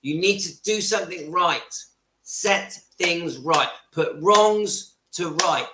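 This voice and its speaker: A man's voice: sits high, slow, background noise. A man hosting his channel, speaking earnestly and with emotion straight to his viewers. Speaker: channel host. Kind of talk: livestream monologue to viewers. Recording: echoey room.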